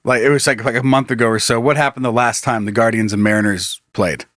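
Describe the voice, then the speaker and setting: A man's voice: medium pitch, steady tone, fast, fairly bright tone, no room sound, studio quality. A man co-hosting a podcast in casual chat, jokey, chiming in with quips and laughs. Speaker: podcast co-host.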